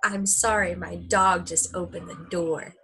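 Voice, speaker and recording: A young woman teacher at home, recording a lesson and reading a story aloud to young kids in a chatty, lively way. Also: on the low side, measured pace, slight background noise, low-quality recording.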